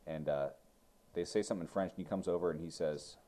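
A man's voice: low voice, fast talker, warm tone. A man casually recapping a movie plot for a co-host, rambling and joking with mocking asides.

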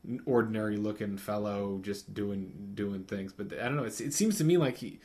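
A man in casual conversation, talking in a halting, musing way with frequent restarts. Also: on the low side, mellow. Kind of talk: casual chat.

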